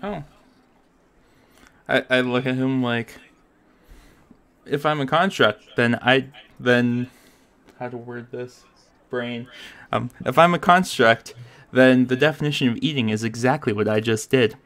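A man's voice: medium pitch, a little slow, long pauses, fairly bright tone. A man playing a tabletop game, describing his character's actions in a playful way and laughing often. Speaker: player. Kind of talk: tabletop role-play, in and out of character.

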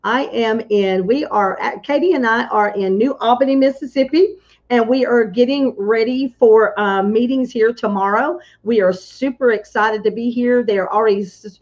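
A woman's voice: on the high side, normal speed, a little mellow. A woman minister on a casual livestream, chatting and greeting viewers one by one with frequent hallelujahs, from a hotel room. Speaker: prophetess and minister. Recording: dull lo-fi livestream audio.

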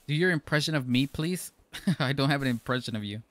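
A man streams a game live, reading chat and commentating while he playfully banters with viewers, joking and laughing a lot. Now and then he slips into mock-formal phrasing. His medium-pitched voice is a bit bright and fairly quick, and the recording is dry.

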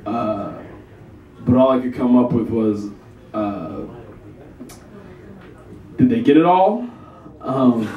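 A young man doing a live stand-up set in a small café, self-deprecating and chuckling through his own lines. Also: a little high. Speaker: stand-up comedian. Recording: echoey room, distant mic.

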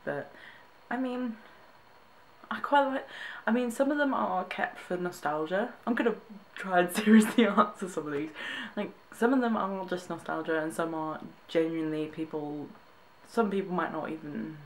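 A woman's voice: on the low side, normal speed, slight background noise. A young woman from Britain reacting to tweets in a casual vlog, amused, laughing often and restarting her sentences. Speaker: vlogger.

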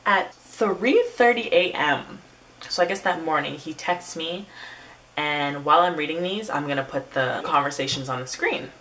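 Woman vlogger, low voice, casual slangy storyteller, recorded slightly off-mic. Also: normal speed, a bit bright, far from the mic, low-quality recording. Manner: chatty, swearing, casual slang. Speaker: YouTuber.

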